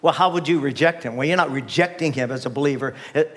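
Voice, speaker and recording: In a church sanctuary, an older man preaches a sermon as pastor, emphatic and repetitive, frequently calling on the congregation to respond. His voice is medium in pitch and he speaks at a quick pace.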